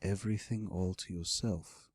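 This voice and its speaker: A man's voice: steady tone, moderate pace, no room sound, clean studio sound. A man voicing Searanox, a growling red dragon. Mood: grim. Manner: low, growling, curt. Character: brooding male red dragon, brutish and gruff. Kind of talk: audiobook character voice.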